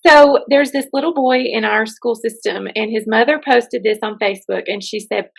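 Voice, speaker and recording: A woman's voice: fairly high pitch, moderate pace, vocal fry, few pauses, slightly rough. A woman in her thirties co-hosting a podcast, chatting casually and telling stories. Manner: chatty storyteller. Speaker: podcast co-host. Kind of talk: casual chat.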